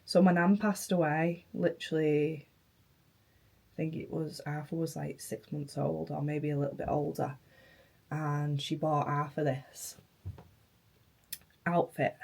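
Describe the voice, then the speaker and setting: A young woman vlogging casually, emotional and halting, her voice hoarse from flu and tonsillitis, sometimes dropping to near-whispers. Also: low voice, flat delivery, a little mellow. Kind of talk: casual vlog chat.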